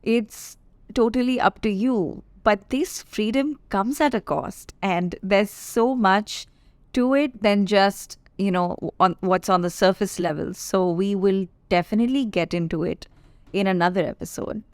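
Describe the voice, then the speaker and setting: A woman's voice: mid-range voice, measured pace, a little mellow, no room sound. A woman in her twenties from India, hosting a solo podcast and chatting in a confiding, playful way with asides to her listeners. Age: 20s. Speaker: podcast host. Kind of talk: casual solo podcast chat.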